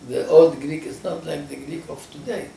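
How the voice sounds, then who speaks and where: An older man from Lebanon with a Lebanese accent, answering interview questions in a halting, emphatic way, often restarting his words. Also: a little high, fairly even intonation, vocal fry, dark tone, roomy sound, recorded from a distance, slight background noise, rough recording. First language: Lebanese Arabic. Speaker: political party founder.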